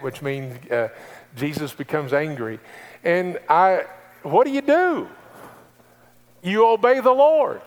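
A male preacher delivering a sermon, swinging between quiet pleading questions and emphatic calls to obey, repeating key phrases. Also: high-pitched. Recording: long reverb of a large hall.

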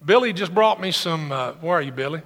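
A male pastor delivers an impassioned sermon in a raised, somewhat high voice with a gravelly edge. His tone is bright and forceful. The sound carries a long hall reverb, as in a church sanctuary. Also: expressive, fairly quick. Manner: impassioned preaching that swells loud and high.

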